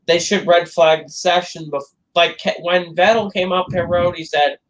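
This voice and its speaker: A man's voice: high-pitched, steady tone, normal speed, a bit bright, low-quality recording. A man co-hosting a casual motorsport podcast, speaking hesitantly and filling his sentences with "like.". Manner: hesitant, lots of "like" fillers. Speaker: podcast co-host.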